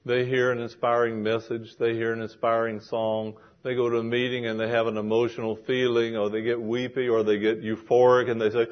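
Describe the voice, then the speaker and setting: A man's voice: medium pitch, a little fast, few pauses. Preaching man, dull lo-fi recording. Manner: animated preaching, acting out quoted voices. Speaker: pastor. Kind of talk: sermon. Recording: dull lo-fi sound.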